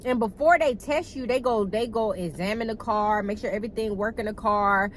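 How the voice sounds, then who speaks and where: A young woman telling a casual storytime to her viewers in a chatty, animated way, cussing freely and calling them y'all. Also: medium pitch, brisk, slight background noise, rough recording. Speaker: vlogger.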